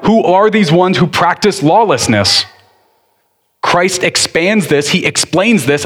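Earnest slow-preaching man pastor. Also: on the high side, a bit bright. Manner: earnest preaching, shifting between slow deliberate stress and quick bursts. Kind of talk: sermon.

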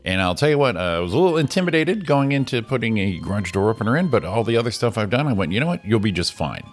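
A man's voice: medium pitch, expressive, racing, faint music behind. A man co-hosting a casual morning show, joking, laughing often and swearing casually. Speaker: co-host.

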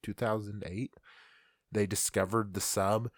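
A podcast co-host with a fairly low, level voice speaks at a measured pace, casually retelling creepy history stories full of fillers and stumbles. The recording is dry and studio quality.

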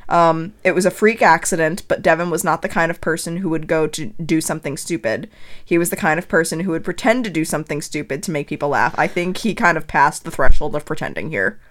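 A woman co-hosting a casual chat, telling a grim story with wry dark jokes. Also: low voice, fast. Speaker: podcast co-host.

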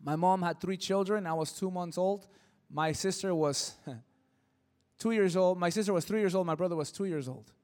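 High-voiced preacher man telling stories. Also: moderate pace. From Mexico. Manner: animated, shifting from hushed to loud and emotional. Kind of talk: sermon storytelling.

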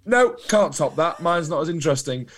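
Animated English man telling stories. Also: on the high side, normal speed. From England. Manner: animated anecdotal storyteller. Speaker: podcast co-host. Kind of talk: casual podcast chat.

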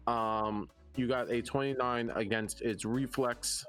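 A man of middle pitch running a tabletop game over voice chat. He halts often with "uh" and "um" while he checks rolls, and faint music plays behind him. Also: fairly even intonation, a bit bright. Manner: halting, fills pauses with "uh" and "um" while checking rolls. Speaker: game master.

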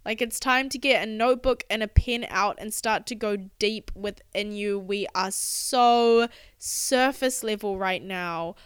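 A woman's voice: medium pitch, clean tone, no room sound, studio quality. A woman hosting a solo motivational podcast, delivering an impassioned, profanity-laced rant into a podcast microphone. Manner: impassioned, swearing, fast spurts. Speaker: podcast host.

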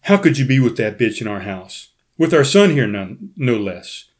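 A man's voice: medium pitch, big pitch swings, normal speed. A man reading aloud as his hurt, tearful wife, in his own voice raised a little.

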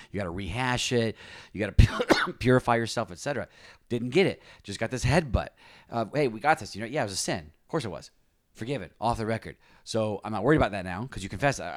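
Pastor, male, lowish voice, earnest confessional testimony, dry close sound. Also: no echo. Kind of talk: personal testimony in conversation.

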